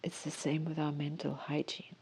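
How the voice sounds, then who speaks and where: A woman's voice: low voice, little pitch movement, moderate pace, darkish tone, a little hiss or hum. A woman hosting a spiritual talk, rambling casually and animatedly, acting out quotes and often laughing. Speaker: spiritual podcast host.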